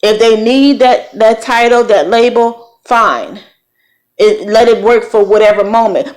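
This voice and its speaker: A woman's voice: a little high, a little slow. Southern-tinged woman giving heartfelt advice. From Virginia. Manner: warm preachy encouragement with folksy phrasing. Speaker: vlogger.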